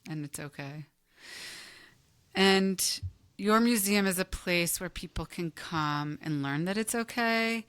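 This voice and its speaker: A woman hosting a podcast who sums up her guest's points gently and reassuringly. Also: medium pitch, clear, resonant tone. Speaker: podcast host. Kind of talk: conversational interview.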